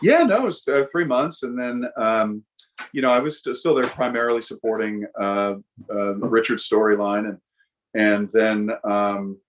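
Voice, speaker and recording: Lower-voiced American man telling stories. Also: moderate pace, slight background noise. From United States. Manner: lively anecdotes, acting out quoted voices, frequent fillers. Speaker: guest actor. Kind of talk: casual interview storytelling.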